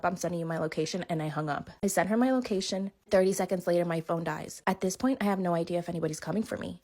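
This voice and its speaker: A woman's voice: mid-range voice, darkish tone. A woman reading aloud a dramatic personal storytime, with an indignant edge. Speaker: storytime narrator.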